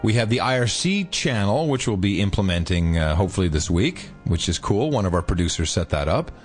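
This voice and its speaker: A man's voice: deep voice, fairly quick, soft background music. A man co-hosting a podcast in loose, joking chat, tired from jet lag. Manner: loose, joking, animated banter with laughs. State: jet lagged. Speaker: podcast co-host. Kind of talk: casual chat. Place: United Kingdom.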